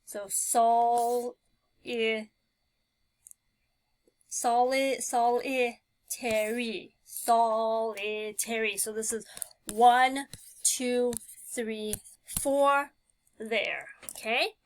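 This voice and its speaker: A woman's voice: a little high, fairly even intonation, drawn-out words. A woman teaching a phonics lesson, talking patiently and thinking aloud with many fillers.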